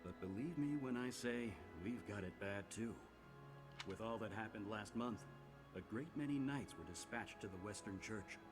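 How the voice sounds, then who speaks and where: A man's voice: on the low side, normal speed, close to an everyday voice. An actor playing a tired, wry male knight who grumbles dryly. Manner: dry and grumbling. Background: game music.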